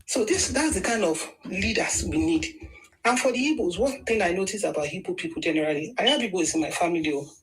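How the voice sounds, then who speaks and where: Heard through a low-quality recording, this Nigerian-accented woman has a medium-pitched, slightly bright voice. She's a political commentator arguing emphatically in a casual monologue full of restarts.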